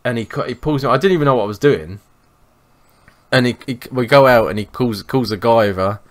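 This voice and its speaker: A young man, co-hosting a podcast and telling sweary, animated anecdotes in casual chat. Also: mid-range voice, brisk. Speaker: podcast co-host.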